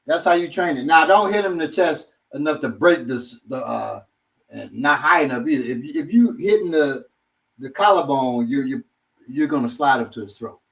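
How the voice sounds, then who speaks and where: A man's voice: fairly high pitch, animated, moderate pace, vocal fry, a bit bright, far from the mic. A man teaching self-defense in a casual group talk, demonstrating moves as he speaks. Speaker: martial arts instructor.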